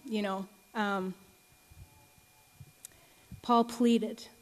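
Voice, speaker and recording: A young woman in her early twenties giving an earnest sermon and testimony, speaking slowly with many ums. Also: mid-range voice, steady tone. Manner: earnest, many ums, rises to emotional pleading. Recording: long reverb of a large hall.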